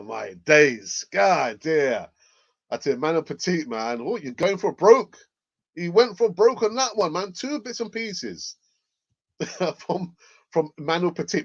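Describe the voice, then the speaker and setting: A young man hosting casual football news commentary, animated and laughing often as he reacts. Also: fairly high pitch. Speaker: football channel host. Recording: dull lo-fi audio.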